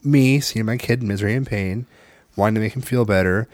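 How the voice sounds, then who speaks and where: A man in his thirties tells a family story in casual conversation, animated and swearing as he mimics the voices of those involved. His voice is lowish and brisk, recorded dry.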